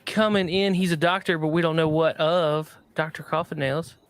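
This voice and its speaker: A man's voice: a little high, steady tone, moderate pace, over a noisy crowd. A man from Appalachia hosting a casual pop culture podcast, upbeat as he introduces his guests. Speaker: podcast host.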